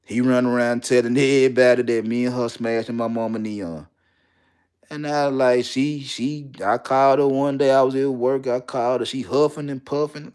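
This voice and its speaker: A man's voice: mid-range voice, normal speed. Blunt, profane man telling his story. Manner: profane, blunt, repeats lines for emphasis. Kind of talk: candid personal storytelling.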